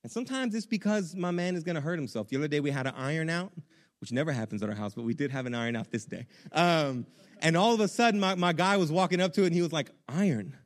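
A young man, a pastor, preaching a sermon in an animated, conversational way with casual slang. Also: a little high, fast.

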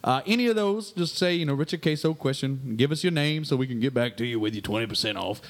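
A man's voice: mid-range voice, expressive, quick pace, natural voice. A man playing a crude, boastful fishing guide who rambles through listener mail on a comedy radio sketch. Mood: brash.

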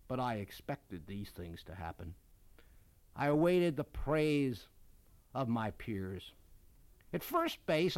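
A man from Baltimore, a children's book author, reading his childhood memoir aloud with expressive, dramatic storytelling. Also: a little high, smooth, dry recording.

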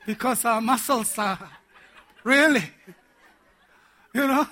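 A man preaching a sermon to men, animated and laughing as he acts out little scenes. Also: very high voice, takes it slowly, long pauses.

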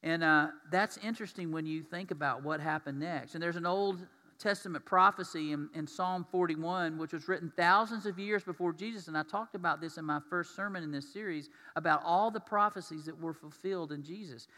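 A man preaching in a church sanctuary, his slightly high, bright and forceful voice carrying a long reverb tail through the hall. He keeps the sermon conversational, often turning to his congregation with questions. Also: a little fast. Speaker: pastor.

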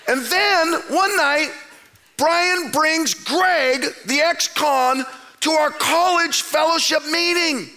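Man, pastor, storytelling sermon, high voice, bright tone, animated, loud then hushed. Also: takes it slowly. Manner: animated, swings between loud outbursts and hushed drops. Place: church stage.

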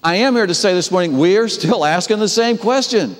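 Man preaching a sermon in a reverberant hall. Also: fairly quick. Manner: animated storytelling, acting out voices with wide pitch swings. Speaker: pastor.

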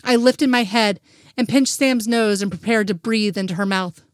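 A woman's voice: mid-range voice, normal speed, no room sound. Woman narrating a fanfic, dry sound. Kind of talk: first-person audiobook narration.

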